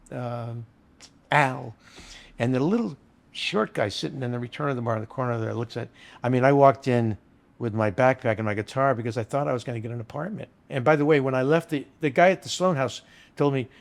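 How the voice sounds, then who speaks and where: An older man, a bartender guest in a storytelling interview, spins rambling anecdotes about the old days. His middle-pitched voice has a gravelly, creaky edge, and he talks casually and earthily.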